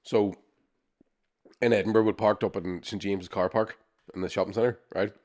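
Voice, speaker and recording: A man co-hosting a podcast, telling animated, sweary anecdotes with acted-out quotes. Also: fairly low pitch, normal speed. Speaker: podcast co-host. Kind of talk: casual storytelling chat.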